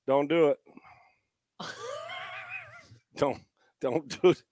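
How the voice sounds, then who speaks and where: A middle-aged man hosting a sports talk show, loud and joking, telling stories with put-on voices. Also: a little high, fairly even intonation, extremely slow, no room sound, clean studio sound. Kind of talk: casual podcast banter.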